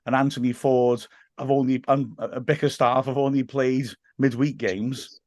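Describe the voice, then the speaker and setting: A man's voice: mid-range voice, steady tone, moderate pace, a little mellow, dry recording, studio quality. A man co-hosting a casual football podcast, joking and laughing often. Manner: jokey, self-mocking, laughs often. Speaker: podcast co-host.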